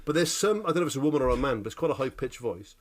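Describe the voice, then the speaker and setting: A man co-hosting a casual chat podcast, telling animated, sweary stories and checking in with "right?" after every point. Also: medium pitch, racing. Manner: animated storytelling, sweary, keeps asking "right?". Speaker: podcast co-host.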